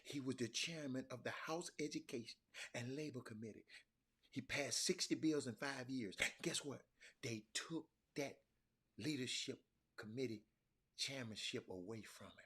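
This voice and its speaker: A man tells history to his viewers in a husky, slightly rough voice. He is animated, circles back with repeated words and restarts, and calls out "y'all" often. He sits at a mid male pitch and talks from a hotel room. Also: unhurried. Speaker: talk show host. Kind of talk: casual livestream history talk.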